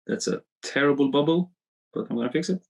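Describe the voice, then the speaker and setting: A man coaching a live online webinar, animated and repetitive as he draws on screen, talking into a computer mic. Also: mid-range voice, brisk, vocal fry, low-quality recording. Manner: animated, repeats himself, drawing on screen.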